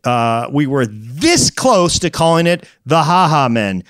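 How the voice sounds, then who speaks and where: Man, podcast co-host, wry casual banter, smooth resonant voice, dry sound. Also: a little high, lively intonation, unhurried, dry recording. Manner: dry, wry jokes with many fillers.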